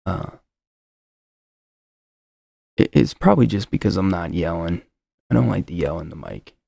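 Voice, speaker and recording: A man with a heavily gravelly, fry-laden voice talks loosely and jokingly, often tripping over his own sentences. His tone is dark and mellow, and the sound is dry and close, straight into a desk microphone. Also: low-pitched, animated, normal speed, dry recording. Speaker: show host. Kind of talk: casual solo podcast chat. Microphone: desk mic with noise suppressor.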